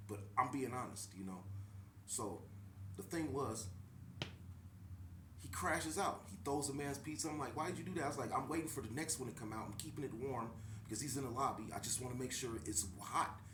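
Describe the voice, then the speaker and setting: A man's voice: mid-range voice, reverberant, a little hiss or hum. A man who works as a shift manager, telling an indignant story in casual speech and acting out the dialogue. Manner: animated, indignant, acts out quoted dialogue. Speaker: pizza shop shift manager.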